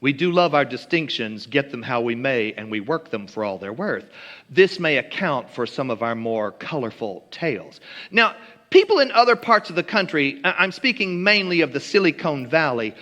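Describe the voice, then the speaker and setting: A man's voice: mid-range voice, big pitch swings, moderate pace, sharp tone, in a large hall. A man from Kentucky giving a humorous storytelling talk with dry, mock-genteel wit and ornate wording. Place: church hall.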